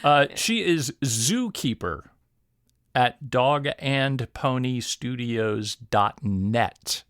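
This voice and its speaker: A middle-aged man, a guest audio producer, telling stories in a casual, animated interview. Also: mid-range voice, very slow, smooth, dry recording, studio quality. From Detroit area, USA. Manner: animated storyteller, laughs easily.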